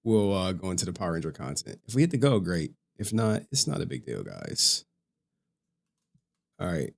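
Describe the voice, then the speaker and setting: Low-pitched and gravelly, this livestream host is very animated and speaks at normal speed. His casual stream chat rambles along, full of frequent laughs as he talks to viewers.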